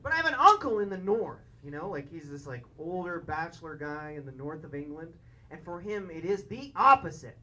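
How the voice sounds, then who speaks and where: A man's voice: fairly high pitch, sing-song, a little fast, sharp tone. A man doing a stand-up set on a club stage, with an awkward, rambling, confessional delivery. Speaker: stand-up comedian. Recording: live club recording with crowd. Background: audience laughter.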